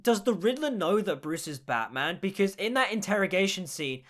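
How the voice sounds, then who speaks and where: A young man with a notably high voice for a man, talking through a movie in an animated, rambling way. He leans on "like" constantly and circles back on his points. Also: normal speed. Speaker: film reviewer. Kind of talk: casual film review.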